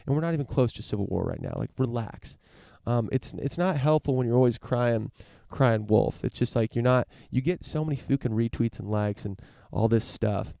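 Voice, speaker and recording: Young dude ranting on his podcast, gravelly low voice, dry close mic. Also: moderate pace, few pauses, dark tone, no room sound. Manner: rambling, profane, frequent restarts and fillers. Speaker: podcast host. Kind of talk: casual solo rant.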